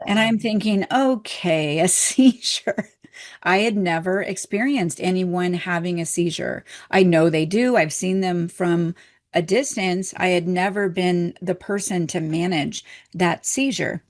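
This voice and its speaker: A middle-aged woman telling a story from her work as a hypnotherapist and spiritual teacher, with soft laughs between her words. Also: lowish voice, unhurried. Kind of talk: storytelling lesson.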